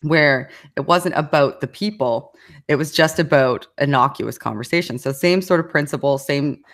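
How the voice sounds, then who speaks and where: A woman with a low voice speaks at a moderate pace as an interview guest. Her casual conversation rambles, full of fillers, restarts and frequent laughs.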